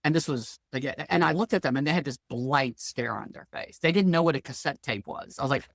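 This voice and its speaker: A woman's voice: rumbling low, fairly quick, creaky, few pauses, no room sound. A middle-aged woman, a financial planner guest, talking bluntly and telling stories in a casual interview. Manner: lively, blunt storyteller.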